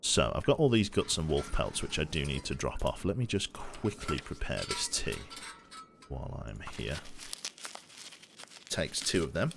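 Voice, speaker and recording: A young man with a Brummie accent chats his way through a survival game stream, rambling and swearing as he goes. His voice sits very low but swings widely in pitch when he gets opinionated. A faint hiss of background noise runs under the recording. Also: big pitch swings, normal speed, gravelly, fairly bright tone. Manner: rambling, opinionated, swears casually, restarts sentences. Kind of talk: casual gameplay commentary.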